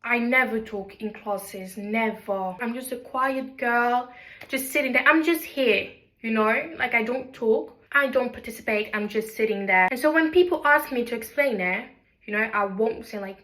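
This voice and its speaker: A woman's voice: fairly high pitch, normal speed, fairly bright tone. A young woman from Belgium talking casually to her vlog camera in her kitchen, chatty and self-deprecating as she tells stories. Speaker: vlogger. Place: home kitchen.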